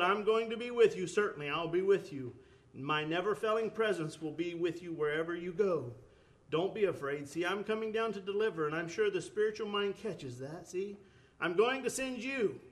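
A man's voice: high-pitched, expressive, moderate pace. A man preaching a sermon, earnest, with rising emphatic bursts, often repeating words and restarting phrases.

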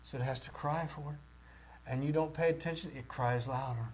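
A man preaching a sermon with great passion, rising to loud cries and dropping to near-whispers. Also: medium pitch, brisk, a little hiss or hum. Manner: impassioned, swings from shouting to near-whispers.

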